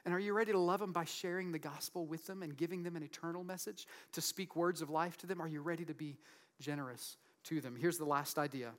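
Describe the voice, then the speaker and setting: A man's voice: on the high side, brisk. Earnest man preaching a sermon. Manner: earnest, conversational preaching with frequent rhetorical questions; drops to a soft, quiet voice for emphasis. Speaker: pastor.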